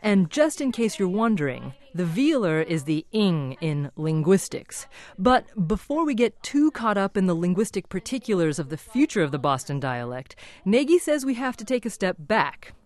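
A woman reporting a radio feature, with a clear narrative delivery. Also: mid-range voice, big pitch swings, normal speed, a little mellow.

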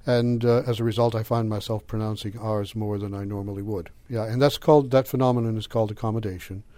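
Answering interview questions, a middle-aged man speaks as a linguistics professor, explaining things in a low, mellow voice with a light Boston accent; he comes from the Boston area. His pace is measured and his tone steady, with small fillers and occasional chuckles, and the recording is close and dry.

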